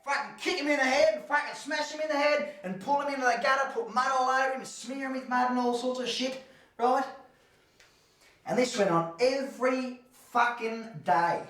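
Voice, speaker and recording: A man's voice: very high voice, moderate pace, fairly bright tone, roomy sound, poor audio. An Australian man telling a crude, swearing yarn with acted-out voices. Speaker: storyteller.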